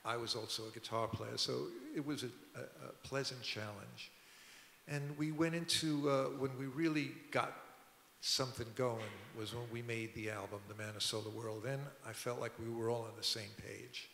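A man's voice: mid-range voice, fairly even intonation, normal speed, vocal fry, a bit bright, slight background noise. An older man, a record producer, telling rambling anecdotes at a public talk in a museum auditorium. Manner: rambling, conversational, frequent restarts. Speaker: record producer and musician, guest. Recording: echoey hall.

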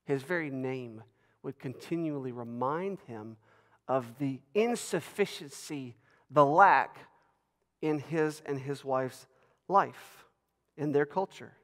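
A man giving a lively Bible lecture to an audience, rising in pitch and loudness when he stresses a point. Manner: animated, rises in pitch and volume for emphasis. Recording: long reverb of a large hall.

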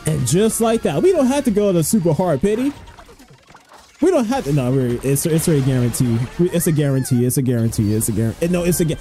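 A young man streaming his gacha pulls, excitable and swearing, pleading and groaning at each result. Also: a little high, quick pace, soft background music. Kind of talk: gacha pull reaction stream.

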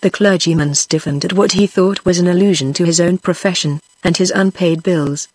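A text-to-speech woman's voice with a British English accent, reading a novel aloud in an even, steady way. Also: on the low side, fairly quick, no room sound, rough recording. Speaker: audiobook narrator.

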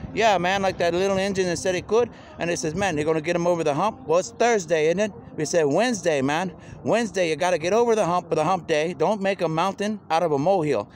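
A man's voice: a little high, fast, background noise. A man speaking a rambling, free-associating monologue outdoors, full of wordplay and calling the listener "man".

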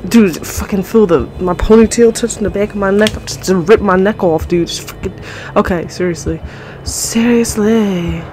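Panicky, swearing woman gamer yelling in fright. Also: on the low side, rough recording. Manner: panicky, swears constantly, yelps and shouts in fright. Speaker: gamer playing a horror game. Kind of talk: let's play commentary. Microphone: own desk mic, moved back to avoid clipping.

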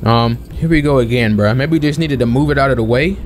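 A young man giving casual let's-play commentary as a gaming channel host, chatting and questioning the game out loud. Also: medium pitch, fast, slight background noise. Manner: chatty, questions the game aloud, calls everyone bro.

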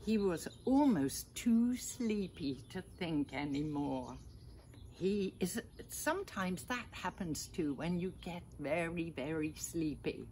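Gentle grandmother reading aloud slowly. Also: on the low side, expressive, a little hiss or hum. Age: older. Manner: gentle, asks listeners little questions. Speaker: storyteller grandmother. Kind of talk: reading a picture book aloud to children.

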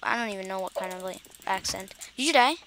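A woman chatting casually while gaming with a friend, chatty and quick to apologize. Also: medium pitch, background noise. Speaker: gamer.

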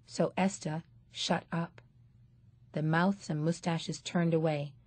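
A woman narrating an audiobook in a measured, steady storytelling manner. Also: low-pitched, slightly rough, dry recording. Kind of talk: scripted narration.

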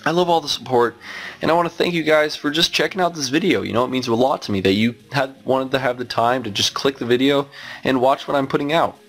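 A man's voice: mid-range voice, fast, fairly bright tone. A young man giving casual let's-play commentary as a gaming YouTuber, exasperated and exclaiming as he rambles on.

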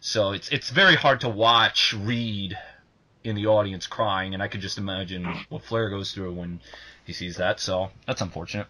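A young man co-hosts a casual podcast with a bright, forceful voice. He talks excitably, swears freely and breaks into shouting when something gets him going. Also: fairly low pitch, moderate pace. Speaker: podcast co-host.

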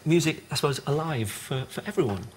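A man presenting a radio interview, brisk and encouraging with jokey interjections. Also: a little high, animated, slight background noise.

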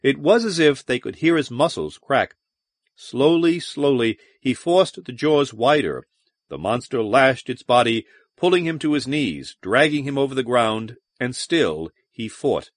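A man narrating a science fiction audiobook in a measured, dramatic manner. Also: medium pitch, animated, no echo, studio quality. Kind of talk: scripted narration.

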